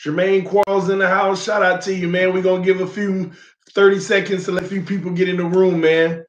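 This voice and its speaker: A man hosting a live fan stream, slightly hoarse from losing his voice, greeting viewers by name in loose slangy chat and getting loud when he argues. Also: sits high, level tone, fairly quick, echoey room. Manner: gets loud and heated when arguing a point.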